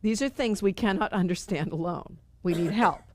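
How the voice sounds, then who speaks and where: A woman's voice: mid-range voice, normal speed, darkish tone. A middle-aged woman leading a spiritual study group, talking earnestly and conversationally and repeating phrases for emphasis. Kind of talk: spiritual teaching talk.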